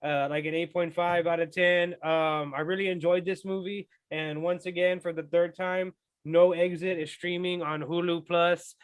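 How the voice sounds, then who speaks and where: A man co-hosting a casual horror film review, excitable and profane, laughing often. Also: high-pitched, moderate pace, smooth, no room sound. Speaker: podcast co-host.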